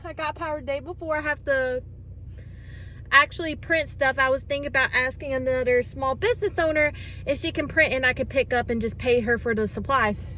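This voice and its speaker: A woman who runs a small craft shop, chatting in a casual vlog, excited and close to tears, talking into a phone in a vehicle. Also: sits high, normal speed, slight background noise. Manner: emotional, near tears, excited. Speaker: craft shop owner vlogging.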